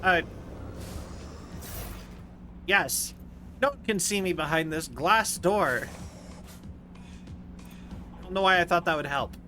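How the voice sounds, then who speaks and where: A man's voice: sits high, animated, slow pace, pauses often, pushed and bright, soft background music. A man streaming a game, chatting casually with viewers in a rambling, jokey way. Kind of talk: casual gameplay commentary.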